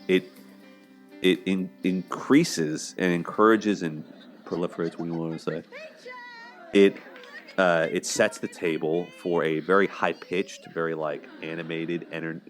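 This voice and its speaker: A man giving casual, rambling commentary on a TV couple's fights, with many fillers, sometimes acting out their lines. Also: low-pitched. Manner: rambling, frequent fillers, acts out quotes. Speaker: relationship commentator.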